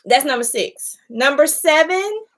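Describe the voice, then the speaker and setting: A woman success coach giving a casual live-stream talk, chatty and animated, calling her viewers y'all and laughing often. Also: sits high, measured pace.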